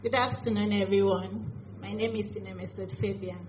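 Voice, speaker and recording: A woman's voice: mid-range voice, fairly even intonation, normal speed. A woman trader speaking in a plain, grateful, matter-of-fact way. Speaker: trader giving testimony. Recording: dull lo-fi audio with faint noise.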